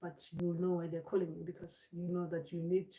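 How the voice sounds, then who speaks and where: A woman's voice: on the low side, completely flat delivery, fairly quick, dark tone, recorded from a distance. A woman giving an informal spiritual talk, rambling and restarting her words often as she explains her point. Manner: rambling, repeats and restarts words, acts out voices. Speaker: spiritual teacher. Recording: echoey room, voice away from mic.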